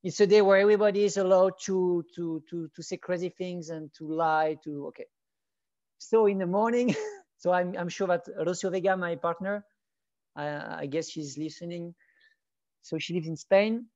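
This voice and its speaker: A man chats through a rambling, enthusiastic story, often restarting mid-sentence. His voice is warm and mellow. The audio is dry and a bit dull and lo-fi. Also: high-pitched, normal speed, no room sound. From France. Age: 40s. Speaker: wedding photographer, guest. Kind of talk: casual interview chat.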